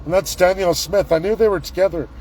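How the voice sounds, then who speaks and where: A middle-aged man, live-vlogging from a city street on his phone, ranting and repeating excited exclamations. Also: high-pitched, fast, rough recording. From Canada. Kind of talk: live street vlog commentary. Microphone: handheld phone camera.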